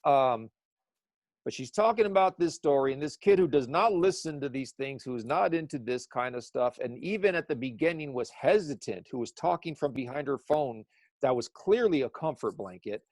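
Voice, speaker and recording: A man's voice: medium pitch, lively intonation, normal speed, darkish tone, no room sound. A man who works as an eyewitness sketch artist, talking in a casual podcast conversation and rambling with many restarts.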